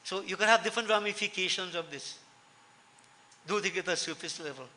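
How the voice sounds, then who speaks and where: A man's voice: high-pitched, brisk, bright, forceful tone. A man giving a sermon to devotees, earnest, repeating key lines for emphasis. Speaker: preacher. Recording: long hall reverb.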